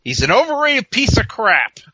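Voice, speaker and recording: A man co-hosting a podcast, recapping a wrestling show in casual chat, sarcastic and quick to mock, laughing often and quoting the wrestlers in mock voices. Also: very high voice, wildly swooping pitch, sharp tone, slightly rough, dry recording, highs cut off. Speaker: podcast co-host.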